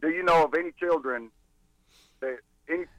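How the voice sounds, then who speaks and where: A man's voice: fairly high pitch, normal speed, no echo, highs cut off. A man speaks as a guest on talk radio, indignant and emphatic. His voice sounds dry and close. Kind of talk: casual radio chat.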